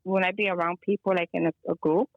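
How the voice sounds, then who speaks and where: A guest energy healer from Chicago phones in for an easygoing chat, talking fast as she drifts through a story and slips in Spanish phrases. Her lowish voice stays fairly even. There's no room sound, just phone-quality audio.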